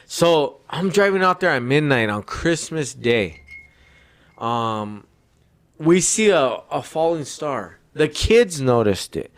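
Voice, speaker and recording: A man's voice: mid-range voice, sing-song, takes it slowly. Male podcast host, casual and profane, rambling storyteller.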